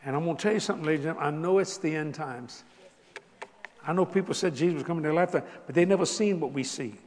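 Older Cajun preacher, animated and folksy, slightly high voice, lots of laughter, big reverberant hall. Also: male voice, rapid-fire. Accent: Cajun Southern US. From South Louisiana. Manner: animated, laughing, Southern drawl, rising to exclamations. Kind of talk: folksy storytelling sermon.

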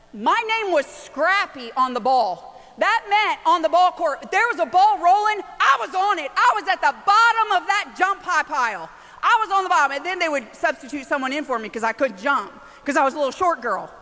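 A middle-aged woman preaching a sermon, telling a family story with lots of animation, hushed at times and shouting at others. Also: high voice. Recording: long reverb of a large hall.

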